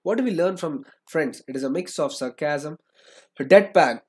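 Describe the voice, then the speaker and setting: A man's voice: fairly high pitch, expressive, normal speed. A young man, teaching an online lecture, repeating phrases and asking "right?" after nearly every sentence. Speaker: English teacher.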